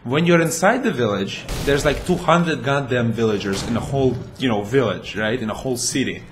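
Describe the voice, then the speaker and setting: A man chats his way through a video game at a medium pitch. He talks in a playful, rambling way and throws in silly sound effects. Faint noise sits behind him. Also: fairly quick. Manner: chatty and playful, makes goofy sound effects. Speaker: gameplay commentator. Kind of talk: casual let's-play commentary.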